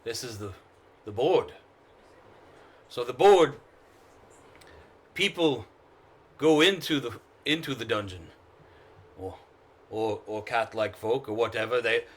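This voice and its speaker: A man's voice: medium pitch, takes it slowly, pauses often. A man voicing a desperate, defensive old male gambler who stammers and pleads. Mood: explaining.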